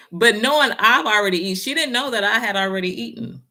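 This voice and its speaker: A woman's voice: fairly high pitch, lively intonation, fast, sharp tone. A woman giving a casual motivational talk and telling a personal story, speaking in a down-home way and often addressing her listeners directly.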